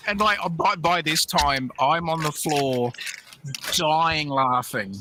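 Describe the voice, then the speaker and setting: A man's voice: on the high side, slow pace, noisy background. A middle-aged man hosting a livestream, telling a rambling, laughing story with many restarts. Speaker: livestream host. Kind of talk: casual storytelling chat.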